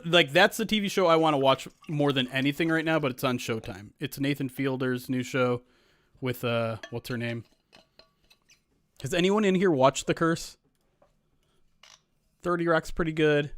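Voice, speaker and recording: A man's voice: on the high side, a bit bright, no room sound. A man hosting a live stream in casual chat, reading viewer comments and rambling as he often restarts his sentences. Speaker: streamer host.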